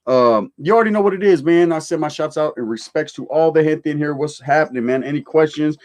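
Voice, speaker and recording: A man's voice: fairly high pitch, fast talker, a little mellow. A man hosting a casual livestream, reading out viewer comments in laid-back street slang sprinkled with Spanish words.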